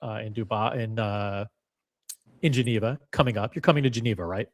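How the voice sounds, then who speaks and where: A man hosting a casual chat about watches, animated and quick to jump in with his own take. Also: lowish voice. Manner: animated, talks over his guest, fond of restarts. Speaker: watch channel host.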